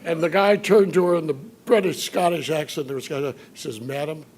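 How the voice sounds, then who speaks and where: A man's voice: on the high side, darkish tone. Older man telling stories in a dinner speech. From Chicago. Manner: storytelling, dry humor, occasional filler pauses. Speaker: dinner honoree giving a speech. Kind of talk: after-dinner speech with anecdotes. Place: banquet hall at a dinner event.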